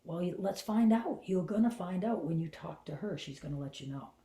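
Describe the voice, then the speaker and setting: A middle-aged woman with a low, mellow voice tells a personal story with animation, and her quieter asides slip into a hush. The sound is roomy, with a clear echo around her. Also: a little fast. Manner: animated, drops into hushed whispers for inner thoughts. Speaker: host and spiritual channeler.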